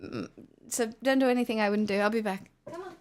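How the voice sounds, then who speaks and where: A woman's voice: a little high, animated, fast, a little mellow. A woman with an Australian accent chatting playfully to her stream, joking at her own expense. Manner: chatty, playful, self-mocking. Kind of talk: casual livestream chat.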